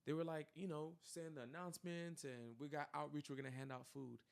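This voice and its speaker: A young man shares a personal story in relaxed conversation, his fairly high voice carrying a gravelly edge. He keeps it loose with fillers and acts out the lines other people said. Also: fairly quick. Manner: animated, acts out quoted dialogue, many fillers. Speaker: podcast co-host telling his story. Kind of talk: casual storytelling chat.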